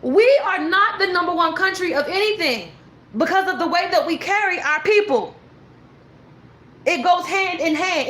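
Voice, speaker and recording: A woman's voice: sits high, fairly bright tone, reverberant. A woman giving a blunt, ranting tarot reading in a casual monologue. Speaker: tarot reader.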